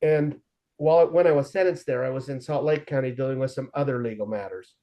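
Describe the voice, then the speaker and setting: Man with a mellow voice recounting his past. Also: mid-range voice, brisk, highs cut off. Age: 40s. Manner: earnest, animated retelling with quoted dialogue. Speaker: guest sharing his recovery story. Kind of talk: conversational storytelling.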